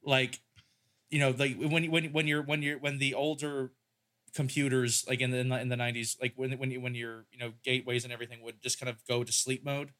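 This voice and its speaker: A man chats through a film review in a loose, rambling way. He often restarts his thoughts and leans on fillers. His voice has a bright, forward ring at a middle pitch. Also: level tone, fairly quick. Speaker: podcast host. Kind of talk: casual film-review chat.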